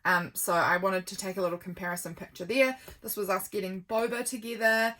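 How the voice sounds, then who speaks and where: A woman's voice: mid-range voice, fairly even intonation, a little fast, sharp tone. Chatty, rambling woman vlogger. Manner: rambling and affectionate, with frequent ums. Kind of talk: chatty journal flip-through.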